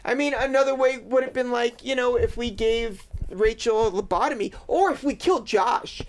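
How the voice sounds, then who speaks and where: A woman's voice: a little high, moderate pace. A woman co-hosting a casual true-crime podcast, often stumbling over and repeating her words. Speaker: podcast co-host.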